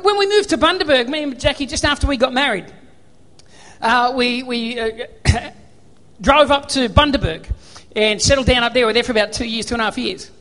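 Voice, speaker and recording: A man's voice: very high voice, normal speed, bright, forceful tone, long reverb tail. An Australian man preaching a sermon, telling personal stories and acting out remembered dialogue. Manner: storytelling, acts out remembered dialogue.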